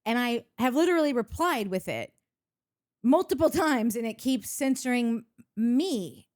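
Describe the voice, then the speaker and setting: A woman's voice: on the high side, expressive, unhurried, darkish tone. A woman co-hosting a podcast, reading listener comments in a chatty way that keeps slipping into laughter. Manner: giggly, chatty, trails into laughter. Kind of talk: casual chat.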